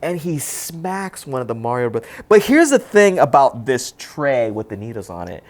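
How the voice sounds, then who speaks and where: Man, podcast co-host, casual movie recap, very lively pitch, middle voice. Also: normal speed. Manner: animated scene-by-scene retelling, acts out lines in voices.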